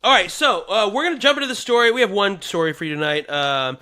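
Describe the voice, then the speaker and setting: A young man hosting a podcast in a studio, chatting loudly and casually and talking around a slight stutter. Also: high-pitched, quick pace. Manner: loud, animated, puts on voices in anecdotes. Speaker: podcast host. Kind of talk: casual chat.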